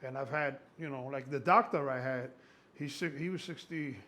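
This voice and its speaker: A man in his sixties, a strength coach, talking casually in an excitable, profane, rambling way with a gravelly voice. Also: medium pitch, normal speed. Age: 60s. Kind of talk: casual conversation.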